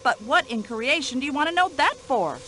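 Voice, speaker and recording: A shrill, chatty older American widow in a mystery game. Her voice sits high and leaps all over the place with a bright, sharp edge. She sounds permanently put out and quick to take offense. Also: lively intonation. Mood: indignant. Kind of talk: video game voice acting.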